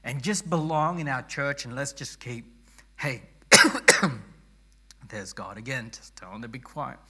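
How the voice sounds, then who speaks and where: A man preaching a sermon as pastor, hoarse and losing his voice, earnest and rousing, often restarting his words. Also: mid-range voice, unhurried, sharp tone.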